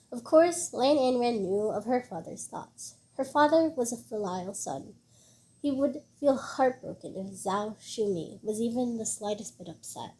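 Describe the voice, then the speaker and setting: A woman narrating a web novel in a steady storytelling read, now and then restarting a word. Her voice sits fairly high but is warm and mellow. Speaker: audiobook reader.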